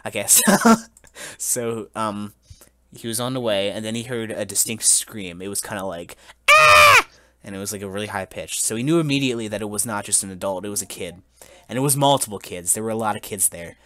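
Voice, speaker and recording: A young man in his twenties hosting a casual podcast, telling a mock-solemn story in a halting way, full of restarts and giggles. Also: fairly low pitch, background noise. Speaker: podcast host.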